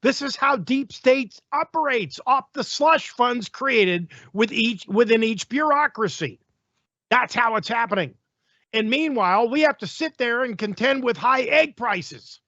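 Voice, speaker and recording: High, bright-voiced ranting male host. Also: expressive, measured pace, no room sound, highs cut off. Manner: sarcastic, ranting. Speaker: talk show host. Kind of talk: opinionated news commentary.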